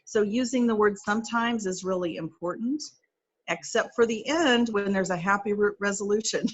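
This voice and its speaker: A woman's voice: medium pitch, moderate pace, dull audio. A middle-aged woman occupational therapist explaining in an interview, chatty and practical, working through step-by-step examples with frequent fillers.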